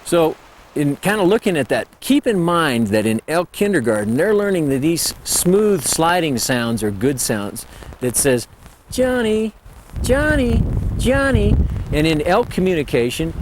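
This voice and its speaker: A man teaching elk calling in a folksy, lively way, breaking into high call demonstrations. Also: normal speed, a little hiss or hum. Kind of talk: instructional talk.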